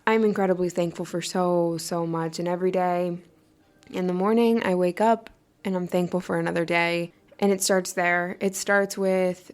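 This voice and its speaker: A woman's voice: lowish voice, steady tone, normal speed. Young adult woman, podcast host, earnest and encouraging, casual and rambling. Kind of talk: casual motivational monologue.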